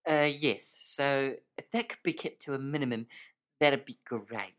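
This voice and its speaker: A woman's voice: rumbling low, a little slow. A woman playing a prim, rule-minded rugby co-commentator who fusses and giggles in a comedy sketch. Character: eager female rugby co-commentator, giddy and prim.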